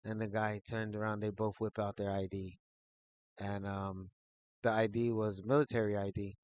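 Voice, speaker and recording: A man telling a personal story in a casual, rambling way, full of fillers, who gets animated as he retells it. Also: fairly low pitch, moderate pace. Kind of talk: casual spoken anecdote.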